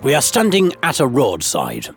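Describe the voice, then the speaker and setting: A man's voice: medium pitch, wildly swooping pitch, moderate pace, music in the background. A man telling a comic first-person story in a dry, sarcastic, wry manner. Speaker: narrator and host of a comic series.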